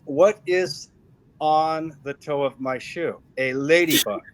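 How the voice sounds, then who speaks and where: A man's voice: a little high, slow, poor audio. Middle-aged man, interview guest, earnest testimony, leans hard on repeated words. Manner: emphatic storytelling with repeated phrases. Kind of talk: personal faith testimony.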